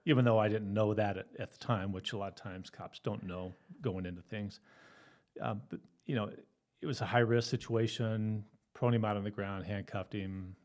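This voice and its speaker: A man's voice: on the low side, fairly even intonation, moderate pace, darkish tone. A middle-aged man, a retired police officer, telling his story in an easygoing interview with fillers and frequent laughs.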